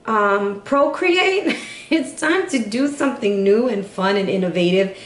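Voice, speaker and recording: A woman giving a casual, playful tarot reading to camera, chatty and quick to laugh. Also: mid-range voice, expressive, roomy sound. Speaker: tarot reader.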